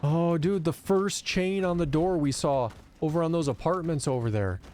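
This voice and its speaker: A man streaming a video game, telling stories in a loose, animated way and cursing often in casual commentary. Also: a little high, normal speed, a little hiss or hum. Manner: animated storytelling, profane rants.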